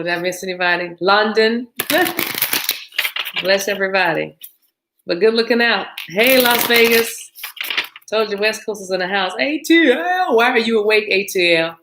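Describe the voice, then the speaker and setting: A chatty American woman tarot reader talks loosely to her live audience and drifts between greetings and card talk. She laughs easily. Clear clicking noises run behind her voice. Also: medium pitch, a little slow, long pauses, noisy background. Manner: chatty, warm greetings to viewers, laughs often. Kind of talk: casual live-stream chat.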